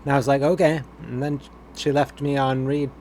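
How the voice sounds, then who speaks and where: A man's voice: medium pitch, normal speed, a little hiss or hum, lightly acted. A man reading out the lines of a hurt teenage girl confiding in her dad, in his own plain voice. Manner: read aloud flatly from game text. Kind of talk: reading game dialogue aloud.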